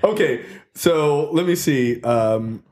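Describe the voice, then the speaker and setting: A man's voice: fairly high pitch, takes it slowly. A man hosting a podcast, telling a story in casual chat. He swears a lot, says "like" often, and keeps checking in with "right?". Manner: animated, profane storytelling with frequent "like" and "right?". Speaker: podcast host. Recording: roomy echo.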